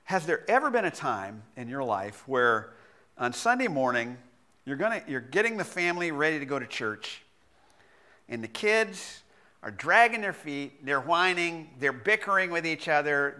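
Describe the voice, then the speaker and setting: Male pastor, middle-aged, sermon delivery: animated, voice on the high side, swings between loud and hushed. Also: a little slow. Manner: animated and self-deprecating, with laughs and repeated restarts.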